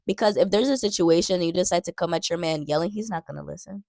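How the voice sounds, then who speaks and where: A young woman talks through dating advice in an earnest, repetitive way, hammering home her points. Her voice sits low with a gravelly fry. The sound is dry and close to the mic. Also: fast talker, hardly any pauses, dark tone, no echo. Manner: earnest, repeats key phrases for emphasis. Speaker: Christian dating vlogger. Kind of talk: casual advice talk.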